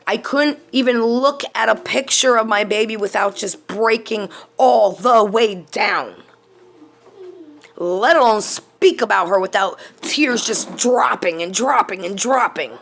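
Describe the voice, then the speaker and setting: A middle-aged woman with a gravelly voice giving a casual tarot reading, blunt and outspoken, going from murmurs to animated storytelling. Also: mid-range voice, a little slow. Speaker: tarot reader and channel host.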